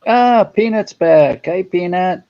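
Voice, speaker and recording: A man's voice: high-pitched, lively intonation, takes it slowly, dark tone, highs cut off. A man hosting a casual livestream chat, joking and greeting viewers by name. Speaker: livestream host.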